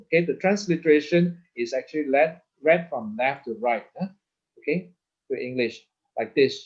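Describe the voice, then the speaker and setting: A man's voice: mid-range voice, darkish tone, muffled recording. Patient man teaching over a video call. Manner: patient, repeats words, frequent "okay?" checks. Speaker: Hebrew teacher. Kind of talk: online lesson with slides.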